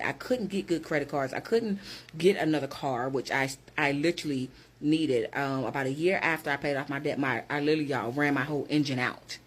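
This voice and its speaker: A woman's voice: deep voice, breathy edge. A woman who works as a hiring manager, talking straight to her viewers in a direct, emphatic motivational vlog.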